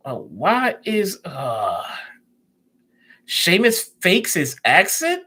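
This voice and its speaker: A man's voice: high voice, huge pitch swings, very slow, long pauses, pushed and bright, husky. A man with a Chicago accent hosting a casual live stream, chatting loosely and answering viewer comments as he goes.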